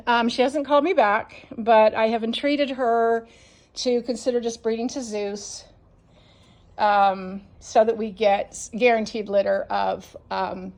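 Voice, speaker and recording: A woman dog breeder, ranting and swearing in a casual vlog as she walks around her deck. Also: medium pitch. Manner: frustrated, swears constantly, ranting. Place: outdoors on a home deck.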